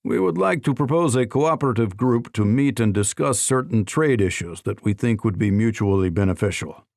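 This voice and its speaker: A man voicing a stiff older foreign minister with a heavy Russian accent, speaking in a slow, guarded and evasive way. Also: on the low side, animated, creaky, a little mellow, dry recording, studio quality. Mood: formal.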